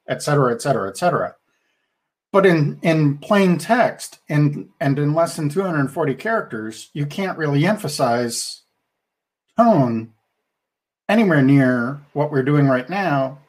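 A man talking through his views on a casual podcast discussion. He is deliberate and reflective and often restarts his sentences. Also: a little high, lively intonation. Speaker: podcast co-host.

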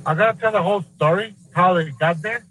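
A man testifying in a recorded deposition, rambling and exasperated, with halting restarts. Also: high-pitched, fairly bright tone, slightly rough, rough recording. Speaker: building concierge testifying in a deposition.

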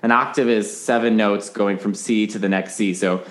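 A man's voice: fairly low pitch, steady tone, normal speed. A man as a podcast guest in casual chat, animatedly explaining singing technique and breaking into sung examples.

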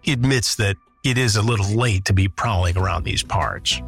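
A man's voice: fairly low pitch, normal speed, soft background music. A man hosting and narrating a true-crime story, with dry, sarcastic asides. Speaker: podcast host narrating a past sting.

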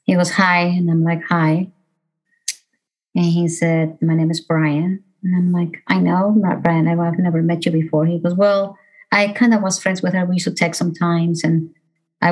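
A middle-aged woman with a low voice shares a personal story of loss. She speaks haltingly, with many fillers and restarts, emotion close to the surface. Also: little pitch movement, darkish tone, rough recording. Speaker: bereaved mother speaking about road safety. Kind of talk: personal testimony talk.

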